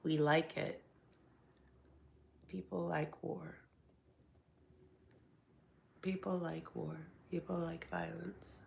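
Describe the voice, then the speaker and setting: A young woman hosting a casual livestream, hoarse, congested and tired from the flu. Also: sits low, little pitch movement, slight background noise. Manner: slow, drowsy talk, reading chat aloud. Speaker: livestream host.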